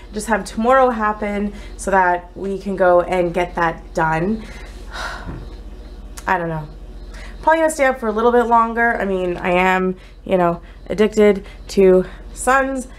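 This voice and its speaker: A young woman chatting casually in a home vlog, exasperated, swinging between flat mutters and shrill outbursts. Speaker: vlogger. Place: home, indoors.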